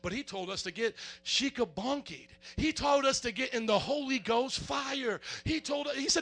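A man preaching an energetic sermon to a congregation, animated and comic, acting out little scenes and raising his voice to a shout. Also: extremely high pitch, moderate pace, few pauses. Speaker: pastor. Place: church before a congregation.

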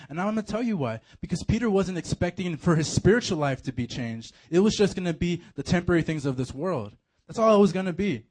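Chatty youth pastor, slightly high man. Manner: chatty and animated, heavy on slang and fillers. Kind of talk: casual sermon to a youth group.

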